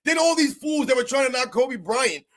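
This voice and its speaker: A man with a strikingly high voice rants on a live sports stream. He sounds heated and mocking, and he keeps hammering home rhetorical questions. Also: expressive, moderate pace, fairly bright tone.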